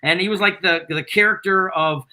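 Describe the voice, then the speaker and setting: A middle-aged man, a band founder, excitedly rambling through road anecdotes as a guest in a casual interview. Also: high-pitched, moderate pace. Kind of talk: casual storytelling.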